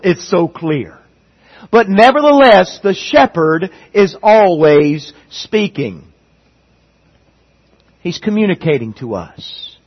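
A middle-aged man preaching a sermon to his church, earnest and building to emphatic peaks, husky in tone. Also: high voice, sing-song, slow, muffled recording. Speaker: pastor.

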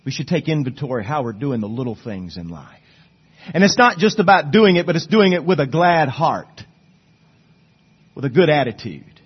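A pastor preaches a sermon in a husky voice, swinging between soft, low asides and loud, rising exhortation. The recording sounds muffled.

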